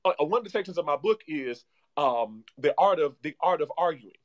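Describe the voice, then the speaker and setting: A man speaking as a guest relationship coach in animated podcast talk, energetic and repeating himself like a preacher. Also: fairly high pitch, brisk, dull audio.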